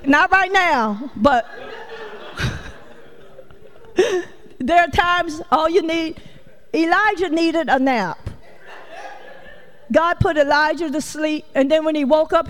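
High-voiced woman preaching in a reverberant hall. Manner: folksy, acts out quotes, laughs often. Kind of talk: conversational sermon. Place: church sanctuary.

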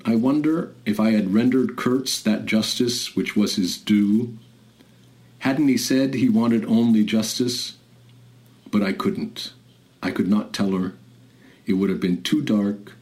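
Man voicing a guilt-ridden sailor storyteller, halting and shaky, low-pitched. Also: a little mellow, lightly acted. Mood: shaken.

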